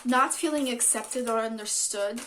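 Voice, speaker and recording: A woman's voice: fairly high pitch, normal speed, fairly bright tone, slight background noise. A woman giving a casual tarot reading, rambling with lots of fillers and some swearing. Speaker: tarot reader.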